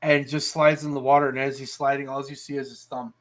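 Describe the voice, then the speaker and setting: A man co-hosting a casual podcast chat, telling animated stories and swearing freely. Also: medium pitch, fast talker, crowd noise. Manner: animated storyteller, swears a lot. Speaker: podcast co-host.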